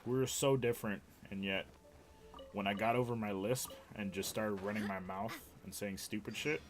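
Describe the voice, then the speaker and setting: A man's voice: lowish voice, steady tone, moderate pace, soft background music. A man live streaming, telling rambling, profane stories in casual chat.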